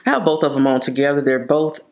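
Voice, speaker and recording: A woman's voice: very deep voice, fast, a little mellow. A woman vlogger casually reviewing her favorite makeup products, chatty and gushing, drawing out her words for emphasis. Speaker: beauty vlogger.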